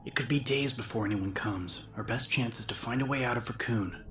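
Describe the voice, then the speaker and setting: A man's voice: mid-range voice, fairly quick, a bit bright, pitched above the performer's own voice, natural voice. A man voicing a determined young male police officer who speaks firmly and urgently. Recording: music bed under the reading.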